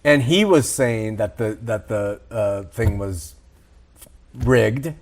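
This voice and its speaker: A man's voice: on the low side, slow. A man hosting a faith talk show, pressing his co-hosts with provocative rhetorical questions. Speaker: show host.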